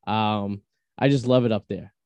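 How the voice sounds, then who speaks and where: A man's voice: lowish voice, moderate pace, clear, resonant tone, no room sound. A man with a Boston accent hosting a podcast, chatting casually and bluntly, swearing freely. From Boston, USA. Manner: blunt, swears freely, gives long animated stories. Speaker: podcast host. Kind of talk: casual chat.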